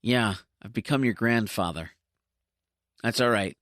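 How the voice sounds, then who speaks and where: A man's voice: lowish voice, unhurried, fairly bright tone, dry recording, clean studio sound. A man hosting his own podcast, talking casually in a chatty, self-deprecating way with joking asides. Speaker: podcast host. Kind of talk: casual solo podcast monologue.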